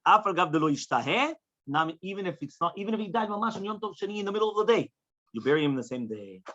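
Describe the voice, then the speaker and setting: A man with a fairly high voice rattles through a Talmud class at a brisk clip. He translates phrase by phrase and checks in with his students as he goes. The dull, lo-fi recording sounds like a class taped in the room. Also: lively intonation, pushed and bright. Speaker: rabbi teaching Talmud. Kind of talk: Talmud study lecture.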